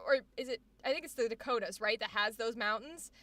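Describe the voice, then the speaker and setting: A woman's voice: a little high, brisk, a bit bright, dry recording. A young adult woman streaming, chatting casually with her viewers and swearing freely. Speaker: livestreamer reading chat. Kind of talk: casual livestream chat.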